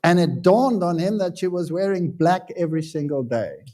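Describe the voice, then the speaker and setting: A pastor giving a sermon in a casual, conversational way, telling stories with self-deprecating humor. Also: male voice, on the high side, animated, normal speed, dark tone. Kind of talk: anecdotal sermon talk.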